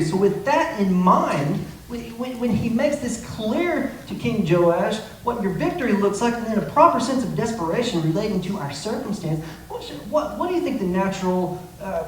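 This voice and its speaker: A man's voice: high voice, animated, moderate pace, few pauses. Male pastor, impassioned sermon, very echoey church room, distant mic, faint hiss. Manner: impassioned preaching with acted quotes. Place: church sanctuary.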